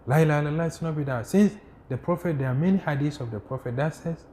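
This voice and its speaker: A man teaching a class on religion, who keeps asking rhetorical "what?" questions, answers them himself, and recites Arabic quotations quickly. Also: fairly high pitch, dark tone, slight background noise. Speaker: Islamic studies teacher.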